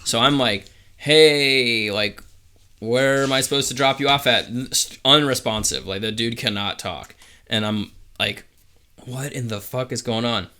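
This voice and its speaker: Bright-voiced young man telling stories. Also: medium pitch, a little slow, smooth. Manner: laid-back storyteller, swears freely, many fillers. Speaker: podcast co-host. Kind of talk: casual chat.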